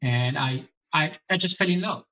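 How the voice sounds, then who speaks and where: A man's voice: on the high side, normal speed, bright, forceful tone, low-quality recording. French-accented man, thoughtful academic. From France. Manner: thoughtful, with frequent repetitions and restarts. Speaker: philosophy professor, guest. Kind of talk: academic interview answers.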